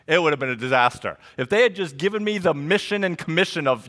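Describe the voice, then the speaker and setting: Middle-aged male pastor, slightly high voice, jokey animated sermon delivery. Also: a little fast. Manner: animated storytelling with jokes and asides.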